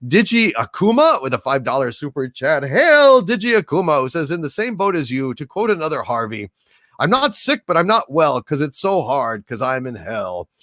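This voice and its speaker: Halting man hailing viewers on stream. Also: medium pitch, fairly bright tone, dry recording, studio quality. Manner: grandiose mock-overlord greetings, halting with many fillers. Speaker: livestream host reading super chats. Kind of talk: casual livestream chat.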